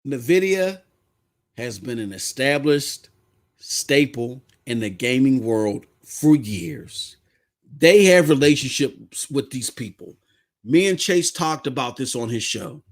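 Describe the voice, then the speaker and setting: A man's voice: medium pitch, expressive, slow. A man with a Southern US accent, hosting a podcast and ranting in blunt, fiery, slangy commentary. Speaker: podcast host. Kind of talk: heated commentary rant.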